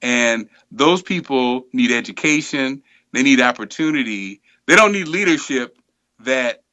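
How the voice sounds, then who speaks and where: Guy hosting a live studio show, gets all worked up, bright voice, kinda muffled stream audio. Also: mid-range voice. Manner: animated, emphatic, gets fired up. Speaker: host.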